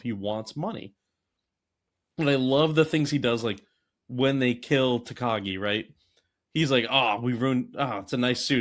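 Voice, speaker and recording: A man co-hosting a casual movie podcast, rambling and animated, dropping into quick acted quotes. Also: mid-range voice. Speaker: podcast co-host.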